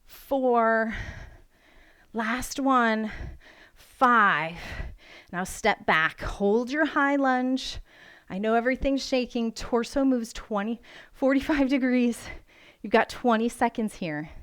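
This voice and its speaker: A woman yoga instructor guides a workout at home, speaking slowly in a fairly high, smooth voice. She counts reps and encourages her students while breathing hard from the exercise. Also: a bit bright. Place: home room.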